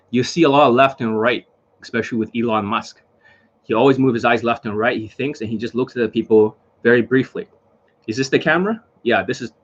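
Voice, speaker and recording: A man's voice: mid-range voice, a bit bright, muffled recording. A man talking casually to camera as a dating coach, blunt and repetitive, lecturing in a home video. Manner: blunt, repetitive, lecturing, swears under his breath.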